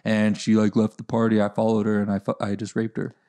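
Young man, rapid casual talk, mid pitch, cursing storyteller. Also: completely flat delivery, warm tone. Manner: fast, profane, laughing storytelling. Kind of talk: casual chat.

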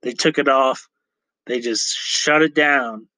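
Slow-talking man with a dry podcast mic. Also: medium pitch, steady tone, bright, forceful tone, no echo. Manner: rambling, chatty, self-correcting with frequent fillers. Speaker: podcast host. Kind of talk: casual solo podcast chat.

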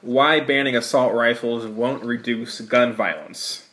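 A man's voice: mid-range voice, steady tone, a little slow, a bit bright. Opinionated, ranting man hosting a podcast. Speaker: podcast host. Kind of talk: casual podcast chat.

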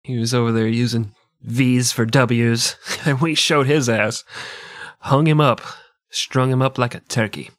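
A man's voice: medium pitch, steady tone, measured pace, a bit bright, no echo, clean studio sound. A man co-hosting a casual history podcast, joking and sarcastic, swearing freely. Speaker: podcast co-host.

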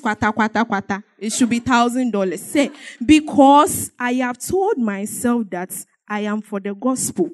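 Woman, church testimony, emphatic and repetitive, slightly high voice. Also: unhurried. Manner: emphatic, repetitive storytelling with bursts of laughter. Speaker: church member giving a testimony.

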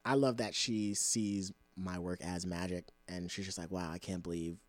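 A man's voice: low-pitched, fairly even intonation, moderate pace, no echo, faint music behind. A man as a guest in a casual chat, hesitant with frequent ums and easy laughter.

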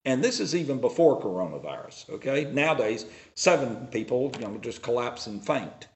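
A man preaching a sermon, reading scripture aloud and explaining it with deliberate pauses. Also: mid-range voice, sing-song, slight background noise. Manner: slow, deliberate preaching with dramatic pauses and swings in loudness; reads scripture aloud in a raised, declaiming voice.

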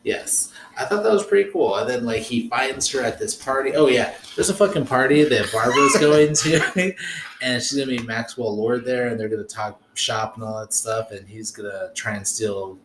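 A man's voice: medium pitch, normal speed. A man co-hosting a casual podcast chat, rambling loosely and swearing freely as he recaps the story. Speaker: podcast co-host. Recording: roomy echo with faint noise.

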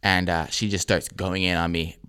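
A man's voice: low-pitched, little pitch movement, moderate pace, pushed and bright, smooth. A man co-hosting a podcast, telling a story casually with plenty of swearing and filler words. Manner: laid-back, heavy swearing, lots of "like". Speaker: podcast co-host.

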